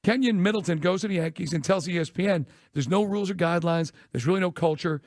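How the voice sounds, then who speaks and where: Fast-talking high-voiced male radio host. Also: no echo, studio quality. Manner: rapid, joking storyteller who laughs at his own punchlines. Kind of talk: sports talk radio banter. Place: radio studio.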